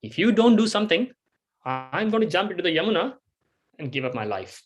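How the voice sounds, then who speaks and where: Eager young cowherd boy, impatient and pleading, fairly high voice, played by a man. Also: sing-song, a little fast.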